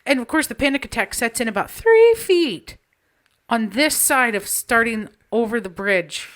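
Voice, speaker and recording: A woman co-hosting a podcast, telling an animated story in casual chat with friends and swearing freely. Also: fairly high pitch, normal speed. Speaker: podcast co-host.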